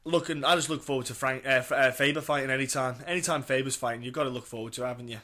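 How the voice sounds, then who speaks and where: A man's voice: mid-range voice, very fast, pushed and bright. A British man co-hosting a casual sports podcast, rambling and stumbling over fighter names. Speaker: podcast co-host.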